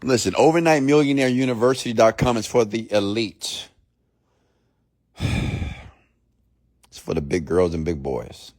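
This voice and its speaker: A man's voice: on the low side, a little slow, long pauses, darkish tone. A young man hosting a motivational podcast, speaking in an emphatic, preachy way and repeating his key points for effect. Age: young adult. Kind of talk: motivational monologue.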